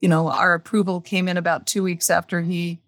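A woman's voice: fairly low pitch, flat delivery, fairly quick, dry recording, clean studio sound. Candid woman telling a personal story. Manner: candid, plain-spoken, repeats phrases for emphasis. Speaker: podcast guest.

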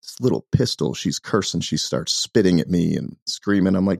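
An American man, a podcast guest, telling a story in an emphatic, animated, casual way. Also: low voice, a little fast, creaky, hardly any pauses, breathy edge, no echo, clean studio sound. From United States.

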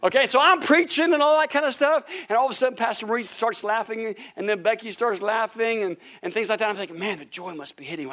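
High-voiced man telling sermon stories. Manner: animated storyteller, laughing and shouting at punchlines. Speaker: pastor. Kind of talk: sermon storytelling. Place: church sanctuary.

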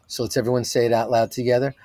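A man leading a guided meditation as its teacher, talking softly and drawing out each phrase. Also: medium pitch, little pitch movement, no echo. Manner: slow, soft-spoken, drawn-out phrasing.

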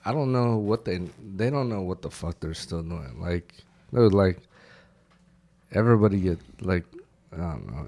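A very low-pitched male voice belongs to a veteran guest on a casual podcast. He tells his story with lots of profanity, and the dramatic moments burst out in shouts.

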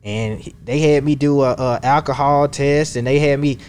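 A man's voice: medium pitch, steady tone, normal speed, a little mellow, smooth. A man from Georgia with a Southern accent, a guest casually telling stories in a slangy, laid-back way. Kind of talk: casual conversational storytelling.

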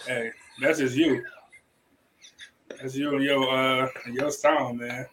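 A man's voice: medium pitch, little pitch movement, slow pace, noisy background. Laid-back joking man hosting a podcast. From Cleveland, Ohio, USA. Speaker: podcast host. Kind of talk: casual chat.

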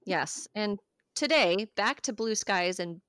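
A woman co-hosting a podcast with a dry, deadpan manner. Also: mid-range voice, takes it slowly, clear, resonant tone. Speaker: podcast co-host. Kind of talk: casual chat.

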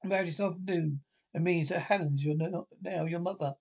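A man's voice: fairly high pitch, a little fast, gravelly, a little mellow, husky. A man reading the part of a doting husband and father from a script, saying the cue names aloud before the lines. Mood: fond.

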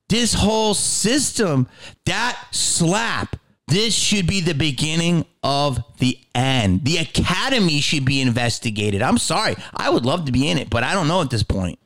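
A middle-aged man hosting a podcast, delivering a heated solo rant full of swearing, swinging from loud outbursts to low muttering. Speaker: podcast host.

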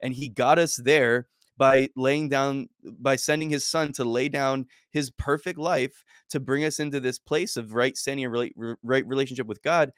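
A man's voice: mid-range voice, fairly even intonation, normal speed, hardly any pauses, clear, resonant tone, no room sound, clean studio sound. A man co-hosting a casual faith podcast chat, talking earnestly and emphatically and often repeating words as he starts a thought.

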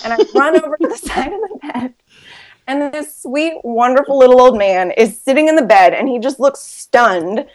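A woman with a fairly high, very lively voice tells a story on a casual podcast. She is animated and laughs often. Her pitch swings widely from line to line. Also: moderate pace. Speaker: guest storyteller.

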